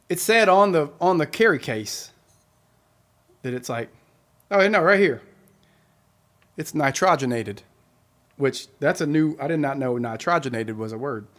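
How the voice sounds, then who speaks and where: A man's voice: on the high side, a bit bright. A man hosting a weekly live concert stream, chatting casually and rambling with his viewers and laughing often.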